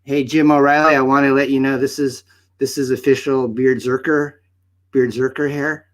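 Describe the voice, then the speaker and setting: A man's voice: mid-range voice, flat delivery, moderate pace, lightly acted. A man playing a goofy mustached alter-ego of a livestream host, chatty and rambling in a made-up accent. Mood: hammy cheerful. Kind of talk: hosting an open-mic livestream. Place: home studio set.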